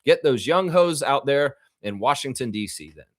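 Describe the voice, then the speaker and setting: A man hosts a casual live sports reaction stream and reads viewer comments aloud. His delivery is rambling and opinionated, and his pitch swings widely from phrase to phrase. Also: animated, normal speed.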